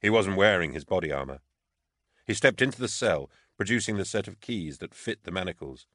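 Deep-voiced man narrating steadily. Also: expressive, brisk, a bit bright, no room sound, studio quality. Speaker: audiobook narrator. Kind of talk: scripted narration.

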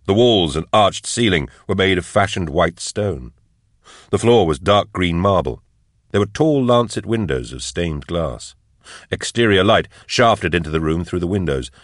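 Deep-voiced male narrator for an audiobook, measured delivery, dry studio sound. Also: dry recording. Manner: measured, even storytelling. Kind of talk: scripted narration.

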